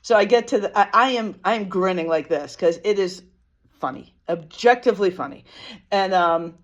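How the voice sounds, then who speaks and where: A woman's voice: medium pitch, moderate pace, lo-fi sound. A tired woman telling a story casually in a rambling, self-deprecating way, with many fillers and restarts. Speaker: vlogger.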